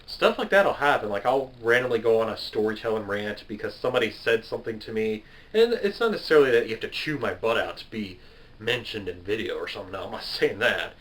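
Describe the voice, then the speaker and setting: This gaming video creator, a man in his twenties, has a lowish, slightly bright voice and talks fast and animatedly. He answers viewer questions to camera in a loose, rambling Q&A, chatty and self-deprecating, laughing at himself and drifting off topic, though the audio is poor.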